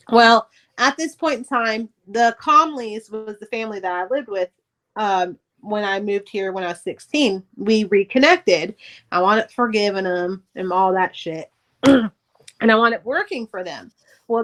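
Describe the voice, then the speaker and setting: Profane, animated woman telling her story. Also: fairly high pitch, measured pace. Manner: candid, profane, animated retelling. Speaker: podcast guest, author. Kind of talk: casual storytelling interview.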